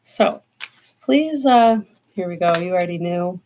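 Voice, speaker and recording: A woman hosting a live tarot stream, talking in an earnest, meandering way, slowing down on key words and near tears at times. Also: fairly low pitch, lively intonation, a little mellow, a little hiss or hum. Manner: earnest, meandering, slows down for emphasis. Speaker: tarot reader livestream host. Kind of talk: live-stream spiritual talk.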